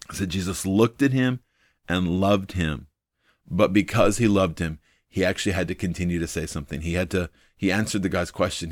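A man's voice: deep voice, no room sound, studio quality. A man hosting a devotional video, teaching from the Bible in an earnest, thinking-aloud way, full of ums and repeating his main points.

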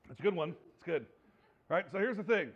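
A man preaching a conversational sermon, joking and animated, repeating phrases for emphasis. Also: sits high, a little fast, breathy edge, highs cut off. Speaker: pastor.

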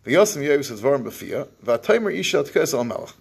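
A man's voice: medium pitch, big pitch swings, brisk, creaky, husky. A man teaching an evening Torah class, reading verses, translating them and acting out what the people said, in Yeshivish English. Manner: Yeshivish English with Hebrew phrases.

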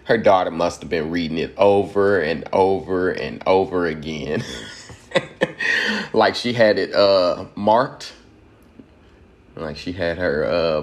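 A man's voice: low voice, slow pace. A man from Georgia, giving a loose, profane commentary monologue and laughing at his own points.

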